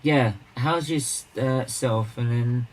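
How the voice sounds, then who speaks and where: A man chats loosely on a charity livestream. He repeats his words, trails off and restarts, then jumps into emphatic, excited banter. His voice sits at an ordinary middle pitch for a man. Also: slow, poor audio. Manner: rambling, repetitive banter, bursts of excited emphasis. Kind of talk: casual livestream chat.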